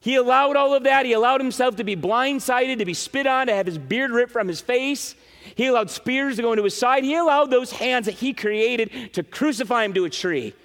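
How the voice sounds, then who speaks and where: A man preaching a sermon to his congregation in an animated way, with frequent "right?" asides. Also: extremely high pitch, moderate pace. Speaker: pastor. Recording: reverberant hall.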